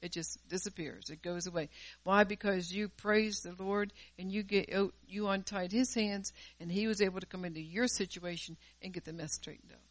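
Woman preacher, fervent, loud-to-quiet swings, repeats words, recorded dry and close. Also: medium pitch, fairly even intonation, normal speed, no echo. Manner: repeats words and restarts phrases while preaching. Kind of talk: sermon.

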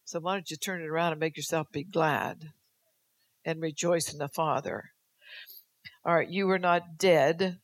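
A woman's voice: low voice, vocal fry, dry recording. Older lady preaching in church, fired up, slips into prophecy, folksy jokes, dry sound. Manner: exhorting, delivers prophecy in first person as God; folksy, teasing asides. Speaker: church speaker. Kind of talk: sermon. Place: church service.

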